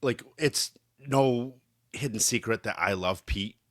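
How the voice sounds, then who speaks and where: A man's voice: fairly low pitch, unhurried, no room sound, studio quality. A man co-hosting a podcast, telling stories animatedly and acting out what others said, with jokes. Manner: animated storyteller, acts out quotes, jokey. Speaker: podcast co-host. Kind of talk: casual chat.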